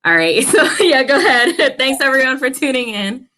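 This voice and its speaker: A woman hosting a live interview, relaxed and laughing along with her guest. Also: high-pitched, moderate pace, a little hiss or hum. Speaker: host.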